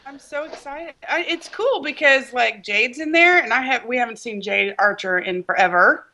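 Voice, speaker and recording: A woman from the United States co-hosting a gaming podcast, excitable and quick to giggle. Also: on the high side. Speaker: podcast co-host. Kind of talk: casual podcast chat.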